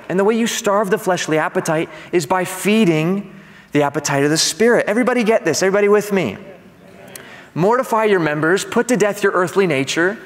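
A male pastor preaching an expository sermon, animated and asking the congregation to respond. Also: high-pitched, in a large hall. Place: church sanctuary.

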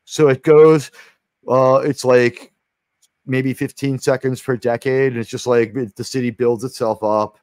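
A man's voice: medium pitch, flat delivery, measured pace, darkish tone, dry recording. A man from New York City hosting a stream, chatting casually about movies, rambling with many restarts and the odd swear word. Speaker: stream host.

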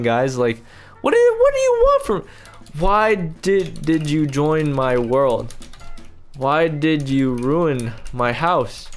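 A young man giving excited gameplay commentary as a YouTuber, talking to his viewers in exasperated, loud outbursts. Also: on the high side. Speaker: YouTuber playing a video game.

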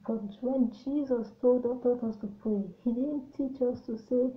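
A woman's voice: fairly high pitch, fairly even intonation, unhurried, hardly any pauses. A woman giving a personal devotional sermon in an earnest, heartfelt way, often repeating her phrases. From Nigeria. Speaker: ministry speaker. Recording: echoey, phone-like sound.

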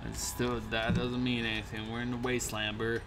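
A man's voice: medium pitch, monotone, a little fast, over music. A young man casually commenting on a survival game, slangy and prone to sudden startled yelps. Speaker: gaming channel host. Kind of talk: gameplay commentary.

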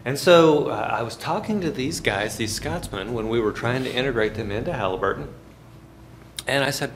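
Lively middle-aged male finance lecturer. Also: mid-range voice, moderate pace, slight background noise. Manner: lively, folksy storytelling with sound effects. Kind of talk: classroom lecture.

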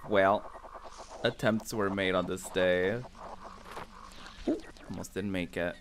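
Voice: sits low, steady tone, slow pace, background noise. A streamer giving casual live commentary while playing a video game, exclaiming, laughing and swearing at the game. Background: game music.

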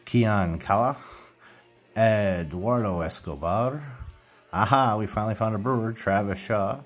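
Low-voiced, unhurried man opening cards. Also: soft background music. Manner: reads player names one after another, trips over names and corrects himself. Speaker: card collecting YouTuber. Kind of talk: casual card-opening commentary.

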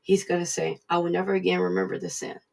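A woman preaching in a plain, conversational way, speaking straight to her listeners. Her voice is gravelly and husky. She sounds a little distant from the microphone. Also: on the low side, flat delivery, fast talker, a little mellow. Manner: plain-spoken, conversational, addresses listeners directly. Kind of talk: informal recorded sermon.

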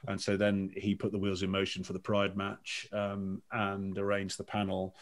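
Lively, low-voiced British-sounding man talking. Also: moderate pace. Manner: animated, emphatic, with frequent restarts. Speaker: guest broadcaster. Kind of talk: casual podcast conversation.

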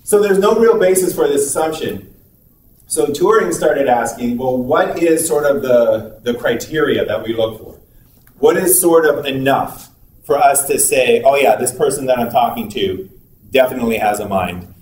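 A man's voice: mid-range voice, darkish tone. A male university lecturer giving a conversational classroom lecture, acting out little dialogues as examples. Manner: conversational, acts out little dialogues with quick asides. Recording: echoey room, picked up from a distance with faint noise.

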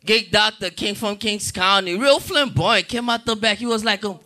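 A man's voice: sits high, moderate pace, pushed and bright. A man doing a stand-up comedy set at a club, joking loosely and talking back to the crowd.

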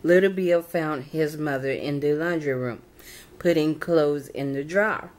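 A young woman reading a children's storybook aloud, halting and fixing her slips as she goes. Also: sits low, a little mellow. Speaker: channel host reading to reborn dolls.

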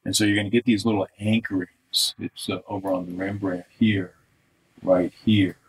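A man with a deep, low-pitched voice walks through a live art critique. He thinks aloud as he draws, restarting his sentences as he goes. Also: flat delivery, brisk, a little hiss or hum. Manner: thinking aloud, restarts, talks over drawing on screen. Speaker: art instructor.

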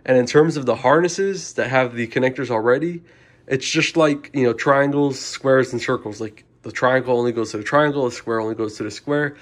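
Young adult male, informal DIY explainer, chatty and rambling, mid pitch. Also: brisk. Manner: rambling, informal, self-correcting. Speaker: car audio DIY reviewer. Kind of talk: casual how-to explanation.

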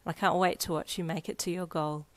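A bubbly, affectionate teenage girl who gets excited easily, as a woman reading a story puts her on. Her voice is bright and eager. It comes from a storybook reading. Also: fairly low pitch, quick pace, natural voice.

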